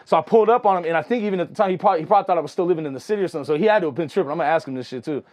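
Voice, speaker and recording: Fast-talking, animated young man. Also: on the high side. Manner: animated, slangy, full of "you know what I'm saying". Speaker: music producer guest. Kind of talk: casual storytelling.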